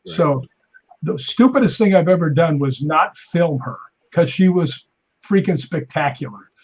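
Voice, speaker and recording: A man's voice: unhurried, slightly rough, lo-fi sound. A man, a guest stuntman, telling stories casually on a podcast and acting out the quoted voices. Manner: animated storyteller, acts out quotes with raised pitch. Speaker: guest stuntman and paranormal investigator.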